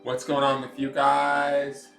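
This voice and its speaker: A man's voice: mid-range voice, monotone, takes it slowly, a bit bright, reverberant, faint music behind. A man with a nasal voice, hosting a tarot live stream from home and chatting goofily with viewers. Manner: goofy, chatty, reads out viewer comments.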